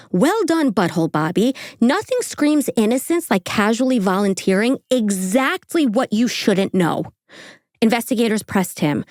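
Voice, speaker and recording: A woman's voice: medium pitch, darkish tone, no echo. True crime host, woman, snarky narrator, dry close sound. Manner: sarcastic, swears casually. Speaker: podcast host.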